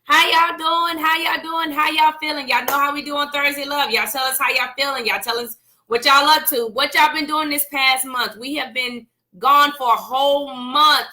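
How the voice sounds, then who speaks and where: Woman, casual live-stream host, teasing, calls viewers by name, high-pitched. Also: fairly even intonation, moderate pace, pushed and bright. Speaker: co-host of a church Facebook Live show.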